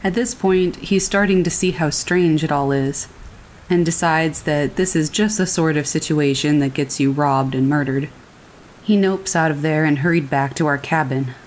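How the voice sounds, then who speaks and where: A woman with a low voice narrates a scary story in a calm, steady manner. Soft rain falls faintly behind her throughout the reading. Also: moderate pace, slight background noise, rough recording. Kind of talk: scripted narration of reader stories. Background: rain falling.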